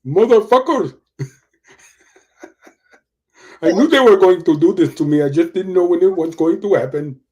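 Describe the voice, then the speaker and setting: A man's voice: high voice, normal speed, pauses often, close to an everyday voice. A man putting on the voice of a furious man cussing about a snub once he gets home. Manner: shouting, indignant.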